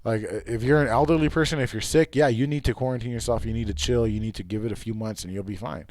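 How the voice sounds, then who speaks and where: A man's voice: medium pitch, fast talker, a little mellow, no room sound. Rambling, swearing livestream guy. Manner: rambling, profane, restarts often. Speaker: livestream host. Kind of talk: casual livestream chat.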